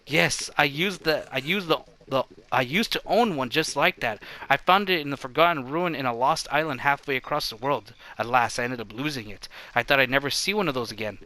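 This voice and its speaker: A man's voice: mid-range voice, a little fast, hardly any pauses, sharp tone, natural voice. A man voicing an old male ghost who rambles and falters about his past. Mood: rambling.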